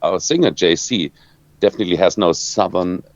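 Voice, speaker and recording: A man's voice: low-pitched, no room sound. German guy w accent, rock guitarist being interviewed, lots of stops n restarts, kinda lo-fi dry audio. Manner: halting, searching for words, many restarts. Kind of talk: interview answers. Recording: dull lo-fi dry sound.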